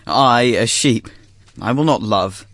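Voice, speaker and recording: A man's voice: mid-range voice, slow, a bit bright, dry recording. An actor playing a witty, lovesick young nobleman who mocks his friends. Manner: wry, mocking. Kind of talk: stage acting in verse.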